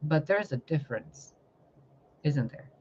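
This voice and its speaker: A woman's voice: deep voice, expressive, a little slow, a little mellow, a little hiss or hum. Woman going off in a spiritual rant, swears a lot, fiery and in your face, kinda dull lo-fi audio. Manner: fiery, confrontational, heavy swearing, rhetorical questions. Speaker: tarot reader and spiritual channel host. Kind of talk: impassioned spiritual monologue.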